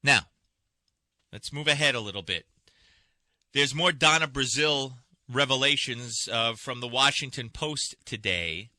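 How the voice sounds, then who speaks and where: A man's voice: medium pitch, a little slow, long pauses, sharp tone, dry recording. A man hosting a talk radio show, delivering an impassioned, indignant monologue full of rhetorical questions from a radio studio. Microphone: studio microphone.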